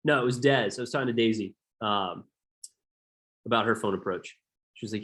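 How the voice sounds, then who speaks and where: An energetic male sales trainer leading a coaching call. He speaks emphatically, hammering his key points through repetition, and his voice sits at a middle pitch. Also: normal speed, long pauses.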